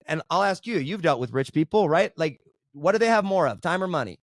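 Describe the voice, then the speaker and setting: Fast-talking animated man, guest storyteller. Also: fairly high pitch, no room sound. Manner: animated, keeps asking "right?". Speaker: podcast guest, entrepreneur. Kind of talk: casual interview storytelling.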